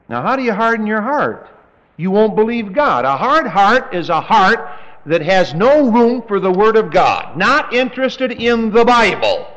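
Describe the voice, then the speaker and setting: A man preaching a verse-by-verse Bible study with dry, folksy humor, reading scripture slowly. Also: high-pitched, fairly bright tone. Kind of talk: verse-by-verse Bible teaching sermon. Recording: dull lo-fi tape recording.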